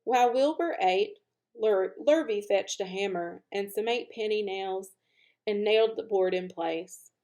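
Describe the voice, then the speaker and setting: A woman's voice: medium pitch, measured pace. Woman reading a children's book aloud. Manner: expressive, animated narration, speeds up at lively moments. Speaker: children's story reader. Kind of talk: storybook read-aloud.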